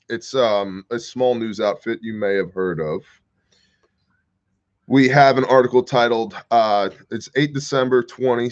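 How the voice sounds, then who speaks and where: Casual male livestream host from Kansas, middle-pitched, sarcastic asides, slightly muffled audio. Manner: wry, sarcastic asides, reads chat comments aloud. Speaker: commentary show host.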